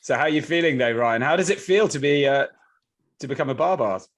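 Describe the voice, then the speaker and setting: A man hosting a rugby chat show, introducing guests and asking brisk, upbeat questions. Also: fairly high pitch, animated. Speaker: podcast host. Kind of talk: presenting a sports chat show.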